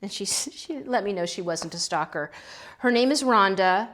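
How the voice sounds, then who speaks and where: A woman's voice: mid-range voice, expressive, moderate pace, a bit bright. A middle-aged woman hosting a pottery channel, chatting casually as she unloads a kiln, gushing with gasps and little exclamations. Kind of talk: casual kiln-opening vlog chat.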